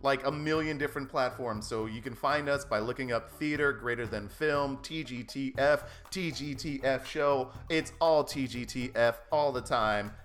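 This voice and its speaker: A man hosting a comedy podcast, hoarse from laughing and talking in an upbeat, giggly way. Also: mid-range voice, moderate pace, few pauses, fairly bright tone, faint music behind. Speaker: podcast host. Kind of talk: casual podcast outro chat.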